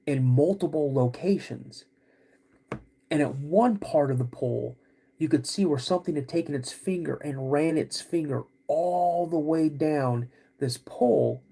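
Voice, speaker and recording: A man hosting a podcast, vividly retelling a personal story in a halting way, with many restarts. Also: fairly high pitch, warm tone, breathy edge. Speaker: podcast host.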